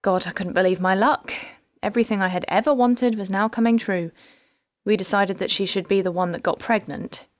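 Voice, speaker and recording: A woman narrating an audiobook speaks at medium pitch and a slightly fast pace, in a dry, studio-quality recording that sounds close to an everyday voice. She voices a heartbroken female detective recounting her past with wry bitterness. The mood is wistful and the storytelling rueful.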